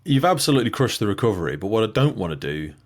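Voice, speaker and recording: A man's voice: fairly low pitch, sing-song, very fast. A man in his thirties from the UK hosting a podcast, asking long, thoughtful, winding questions. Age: 30s. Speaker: podcast host. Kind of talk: podcast interview.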